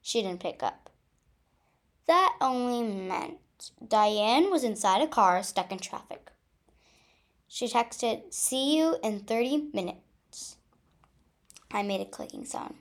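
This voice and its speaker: Woman reading a story, lively and slow. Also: mid-range voice. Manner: expressive, up-and-down reading. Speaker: story reader. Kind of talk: first-person storytelling.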